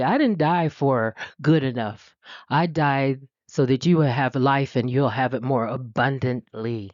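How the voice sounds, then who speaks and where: A middle-aged woman from the US West Coast preaching a conversational sermon, animated and laughing often, jumping into high voices when she quotes people. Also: no room sound. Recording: dull, dry lo-fi recording.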